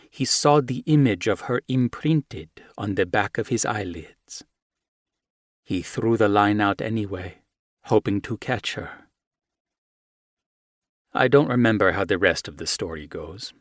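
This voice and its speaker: Low-voiced man reading a romance. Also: no echo, studio quality. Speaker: audiobook narrator. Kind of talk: scripted first-person romance narration.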